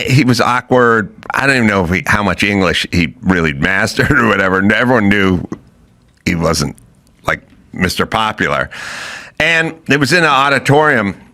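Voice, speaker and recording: Lively, bright-voiced man telling stories. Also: medium pitch. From Los Angeles. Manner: rambling storyteller, acts out quotes loudly. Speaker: podcast host. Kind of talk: casual chat.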